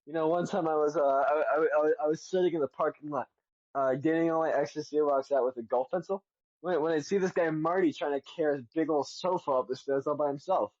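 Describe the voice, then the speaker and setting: A man's voice: a little high, a little mellow, no room sound. A young man co-hosting a comedy podcast, telling rambling mock-serious anecdotes full of restarts. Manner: halting, many restarts, mock-serious storytelling. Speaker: podcast co-host. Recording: dull lo-fi dry sound.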